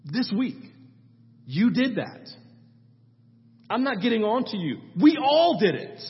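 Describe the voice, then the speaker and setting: Guy pastor preaching, high lively voice, keeps asking "right?", echoey church, kinda muffled. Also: takes it slowly. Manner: storytelling, conversational with audience asides. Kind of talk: sermon. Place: church sanctuary. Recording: muffled sound with long church reverb.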